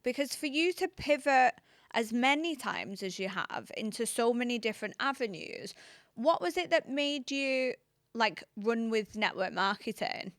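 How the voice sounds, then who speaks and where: A woman's voice: on the high side, animated, unhurried, fairly bright tone, dry recording, clean studio sound. A woman hosting a podcast, asking questions in an easy, encouraging way. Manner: conversational, encouraging, asks questions. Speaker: podcast host. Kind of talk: casual interview.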